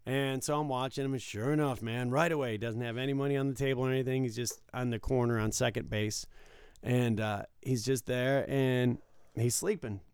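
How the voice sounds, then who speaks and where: A man with a gravelly yet smooth voice tells stories in a casual chat. He jumps into other people's lines and acts them out loudly. The sound is dry and close. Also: medium pitch, brisk, dry recording. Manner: animated storyteller, acts out quotes loudly. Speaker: casino dealer.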